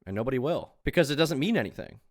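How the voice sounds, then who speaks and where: A man's voice: mid-range voice, animated, racing. A man streaming live reaction commentary on a video, talking in a sarcastic, crude and mocking way.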